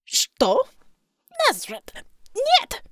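Narrator voices a gruff Russian-accented female commissar, indignant, spluttering, high and loud. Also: big pitch swings, measured pace, no echo, studio quality, full character voice.

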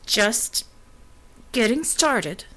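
A woman's voice: a little high, very animated, drawn-out words, fairly bright tone, exaggerated voice. A defiant young heroine whose words come out harsh and grating, as the woman narrator reads her. Fear sits under the snap in her voice. The character comes from an audiobook.

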